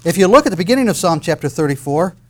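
Impassioned preacher, man with higher voice. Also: expressive, racing. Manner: impassioned, swings from loud proclamation to quiet intensity; quotes and explains scripture, asks rhetorical questions. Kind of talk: expository sermon.

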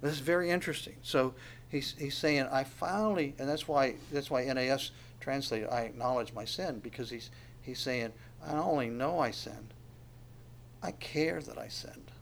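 A man's voice: mid-range voice, moderate pace, slight background noise. Conversational man preaching a sermon. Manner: conversational preaching with questions to the congregation. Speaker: pastor.

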